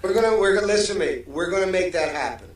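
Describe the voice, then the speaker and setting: A man's voice: sits high, lively intonation, racing, roomy sound. A man speaking as an interview guest, effusive and friendly, heard over distant call audio. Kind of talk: casual interview chat.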